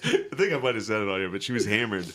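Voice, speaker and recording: Man, thirties, podcast co-host, lowish voice, dry crude anecdotes. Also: very animated, very fast, a bit bright, slight background noise. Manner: dry, crude storytelling with laughs. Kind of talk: casual comedy podcast chat.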